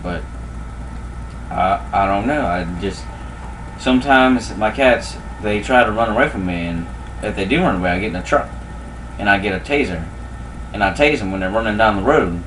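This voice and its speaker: A man's voice: on the low side, recorded from a distance, slight background noise, lightly acted, low-quality recording. An amateur actor playing an unrepentant, cat-obsessed male thief who talks in a matter-of-fact, rambling way.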